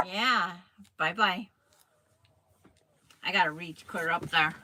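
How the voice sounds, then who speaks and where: A woman's voice: on the low side, slow, a bit bright, slight background noise, poor audio. An older woman hosting a casual quilting chat, chatting and cooing to a toddler in baby talk. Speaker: quilting channel host.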